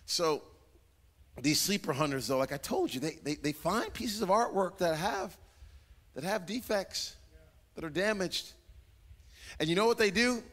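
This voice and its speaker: A man's voice: high-pitched, lively intonation, a little slow, pauses often, a bit bright, big-room sound. A man preaching a sermon as pastor, dramatic and acting out voices, repeating phrases for emphasis. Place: church sanctuary.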